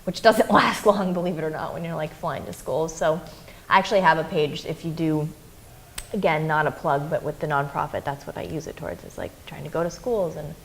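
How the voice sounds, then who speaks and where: This young woman talks in a casual interview, slightly low-pitched for a woman, bouncing through stories and putting on quick voices for quotes. A faint hum of room ambience sits behind her. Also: vocal fry. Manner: animated storyteller, acts out quotes. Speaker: interview guest, adventurer and filmmaker.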